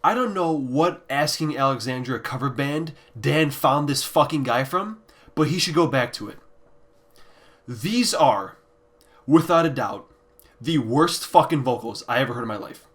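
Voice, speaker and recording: A man reviewing albums in a casual ranking video, ranting bluntly and with heavy swearing, sometimes sinking into quiet, deflated muttering. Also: medium pitch, animated, a little slow. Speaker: music reviewer.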